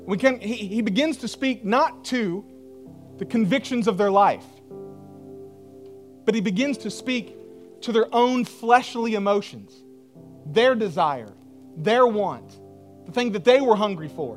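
A man's voice: very high-pitched, animated, moderate pace, faint music behind. A man preaching a sermon as pastor, earnest and emphatic, in casual everyday speech.

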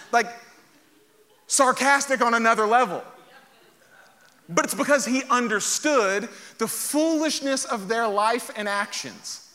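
A man preaching a sermon, reading scripture aloud and joking with animated energy. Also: sits high, moderate pace. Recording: long hall reverb.

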